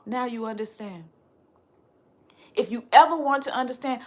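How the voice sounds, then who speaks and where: A woman with a fairly high voice talks directly to her viewers like a spiritual teacher. She builds in emphatic, repeating phrases and rhetorical questions, then sinks to a soft, low delivery on her refrains. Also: unhurried. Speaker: spiritual teacher and channel host. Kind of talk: direct-to-camera motivational talk.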